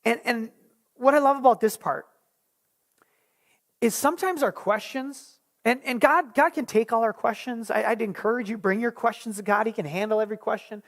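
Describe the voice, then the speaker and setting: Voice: medium pitch, normal speed. A Bible study teacher leading a small group lesson, retelling scripture in a conversational way, often restarting words.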